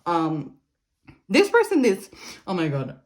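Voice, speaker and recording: A woman's voice: lowish voice, wildly swooping pitch, takes it slowly. Woman reading tarot cards. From Canada. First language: French. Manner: meandering, many fillers and restarts, light laughs. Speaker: tarot reader. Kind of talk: casual pick-a-card tarot reading.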